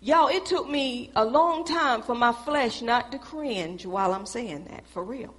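A woman's voice: fairly high pitch, lively intonation, unhurried, fairly bright tone. Emphatic woman preacher in an echoey church. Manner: conversational, emphatic, addresses the congregation directly. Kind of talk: sermon.

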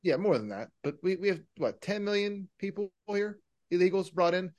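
A man co-hosting a podcast, rambling in casual political talk with halting restarts and rhetorical questions. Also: sits high, lively intonation, a little mellow. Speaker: podcast co-host.

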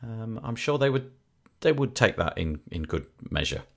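A middle-aged man with a Northern English accent, hosting a podcast interview in a chatty, animated way and laughing easily. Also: fairly low pitch, normal speed. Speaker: podcast host.

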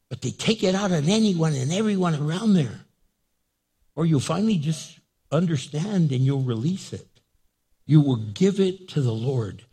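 A man preaching a sermon as pastor, acting out quick dialogues and reading scripture aloud. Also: on the high side, slightly rough. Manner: animated, acts out little dialogues for laughs.

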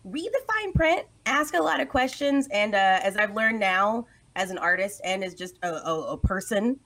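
A young woman hosts a relaxed conversation with a bright, playful manner. Her pitch jumps around a lot as she jokes and laughs easily. She talks in an easygoing, chatty way. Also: normal speed. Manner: laughs often, playful and animated. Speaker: podcast host. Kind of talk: casual chat.

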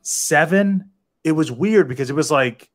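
A man in his thirties on a podcast panel, talking excitedly in casual chat and saying "dude" and "like" a lot. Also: on the high side, a little slow.

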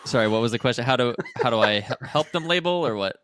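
A man co-hosting a casual podcast, talking in a relaxed, hesitant way with soft laughs. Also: medium pitch, fast talker, smooth, no room sound. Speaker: podcast co-host.

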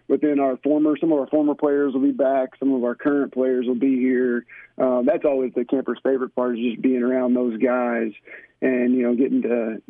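A young man phones in to a radio show as a guest, speaking at an ordinary pitch. He tells stories in a relaxed, chatty way. The line is thin and tinny with a close, dry sound. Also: no room sound. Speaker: college basketball coach, guest.

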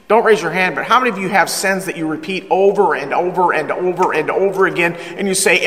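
Middle-aged male pastor, high voice, emphatic and joking, echoing church hall. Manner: energetic, humorous, emphatic preaching, slowing down for scripture. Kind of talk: sermon.

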